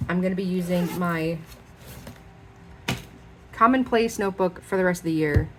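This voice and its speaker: A young woman talks through her planner setup in a relaxed, rambling way. Her voice sits a little low, and she fills it with "um" and "like." A faint hum of room ambience sits under her. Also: moderate pace. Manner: chatty, rambling, with many fillers. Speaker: planner vlogger. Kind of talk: casual show-and-tell chat.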